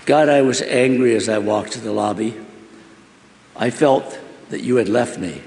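A man's voice: medium pitch, moderate pace, gravelly, a little mellow, slight background noise. A man giving an emotional first-person testimony, earnest and pleading as he asks many questions. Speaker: storyteller. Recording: roomy hall with long reverb.

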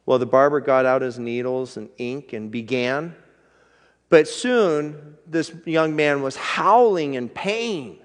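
A male pastor giving an earnest, conversational sermon in a church, slowing down for emphasis and closing in prayer. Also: mid-range voice, long reverb tail.

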